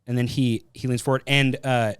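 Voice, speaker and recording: A man's voice: medium pitch, little pitch movement, normal speed, clear, resonant tone, no room sound, studio quality. A man hosting a casual film review podcast, rambling and thinking aloud as he tells a story. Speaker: podcast host.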